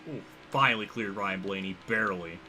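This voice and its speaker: A young man livestreaming a racing game, rambling and thinking aloud as he reacts loudly to the action on track. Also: fairly low pitch, fairly quick, soft background music. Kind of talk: live gameplay commentary.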